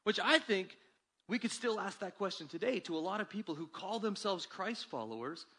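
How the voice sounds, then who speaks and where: A man preaching a sermon as pastor, with animated delivery that climbs for emphasis and drops low and quiet. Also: normal speed, husky.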